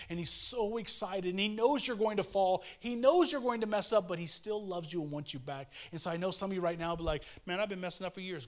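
Pleading with his audience, a fairly high-pitched preacher in his thirties delivers an earnest, casual devotional sermon that swings from hushed tenderness to fervent urgency.

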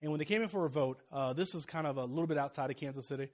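Racing along in a fairly high male voice, this preacher weaves a personal anecdote into his sermon. His tone climbs into loud exhortation, then falls to quiet, confessional asides.

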